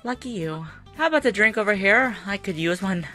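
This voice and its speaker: A woman chatting casually while playing a game, her voice hoarse and tired, rambling with fillers and laughs. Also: medium pitch, animated, a little fast, sharp tone, soft background music. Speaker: gaming video creator. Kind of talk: casual gameplay commentary.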